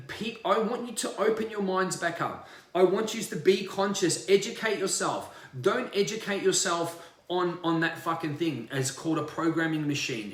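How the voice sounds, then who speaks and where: A man's voice: on the high side, a bit bright, roomy sound. A man, a spiritual coach, ranting in a livestream monologue, emphatic and profane and repeating himself.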